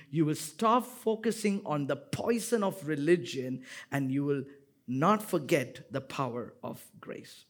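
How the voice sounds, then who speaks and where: A male pastor delivers a sermon at an unhurried, deliberate pace, his voice sitting a little high. He stacks repeated phrases into loud, emphatic peaks, then drops to quiet, low asides. Now and then he teases the congregation playfully. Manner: repetitive rhetorical cadence.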